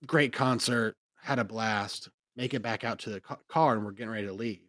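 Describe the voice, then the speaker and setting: A young podcast co-host with a fairly low, somewhat bright voice talks a little fast, rambling through a story in casual chat punctuated by bursts of laughter. The recording is studio quality with no echo.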